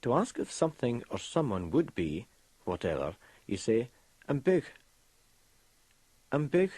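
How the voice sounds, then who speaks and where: A man presenting a language course in scripted lesson narration, with a slow, careful teaching delivery. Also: medium pitch, sing-song, dark tone, husky, dry recording.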